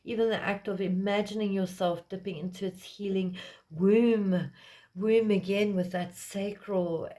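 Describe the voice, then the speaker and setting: A woman's voice: medium pitch, steady tone, unhurried, mellow. A woman giving a casual collective tarot reading, talking in a meandering way with lots of fillers. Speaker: tarot reader.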